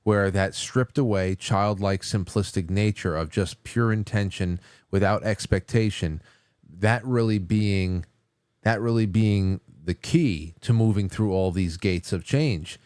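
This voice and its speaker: A man hosting a book club podcast, thinking out loud in a halting way and often repeating words as he looks for what to say. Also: lowish voice, clear, resonant tone, no room sound. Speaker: podcast host. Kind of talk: casual book discussion.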